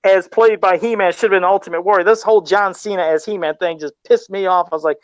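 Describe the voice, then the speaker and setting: Excitable high-voiced man, dry sound. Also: fast talker, no room sound, lo-fi sound. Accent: says he has an accent. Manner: excitable, laughs often, rambling restarts. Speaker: podcast co-host. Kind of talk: casual podcast chat.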